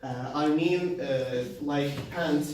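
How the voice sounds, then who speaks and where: A man giving a university class presentation, halting, with many fillers, restarts and non-native grammar. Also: a little high, a little mellow, distant mic. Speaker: student presenter. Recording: very echoey room, voice from afar, faint noise.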